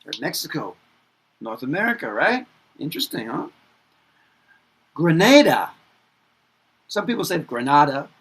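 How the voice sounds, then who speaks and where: A man teaching pronunciation in an upbeat, playful way, repeating each word slowly and chuckling between them. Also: on the high side, sing-song, a bit bright, breathy edge. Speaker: English teacher. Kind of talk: pronunciation lesson with repetition.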